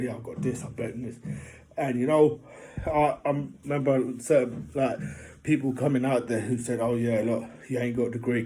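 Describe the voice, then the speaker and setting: A man giving a casual motivational talk, rambling and often asking if the listener knows what he means, getting animated in funny stories. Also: mid-range voice, slight background noise. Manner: rambling, keeps asking "do you know what I mean". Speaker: motivational vlogger.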